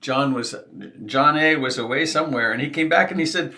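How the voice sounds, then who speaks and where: A man hosting a meditation group over a video call, chatting casually in an unhurried, rambling and joking way. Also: mid-range voice, sharp tone.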